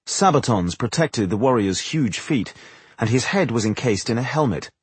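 A man reading fantasy narration for an audiobook in a measured, dramatic way. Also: mid-range voice, animated, slightly rough, no echo.

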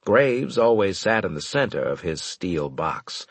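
A man narrating a first-person audiobook with wry, lively storytelling. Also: sits low, measured pace, slightly rough, no echo.

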